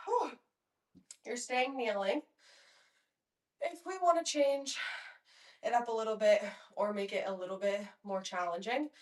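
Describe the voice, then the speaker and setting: A young woman guides a mat pilates workout, counting down reps and tossing in encouragement while she is audibly short of breath. Her voice sits mid-range and sounds a little distant from the mic, with noticeable echo off the room. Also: medium pitch. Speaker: pilates instructor.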